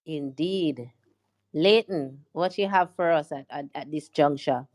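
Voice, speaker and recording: A woman's voice: sits low, unhurried, darkish tone, no echo. A woman moderating a panel discussion, speaking in an emphatic, rhetorical way.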